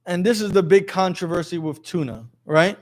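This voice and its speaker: A man's voice: high voice, moderate pace. A man teaching a lesson to a class, quizzing his students in a jokey way and reading passages aloud. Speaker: religious teacher.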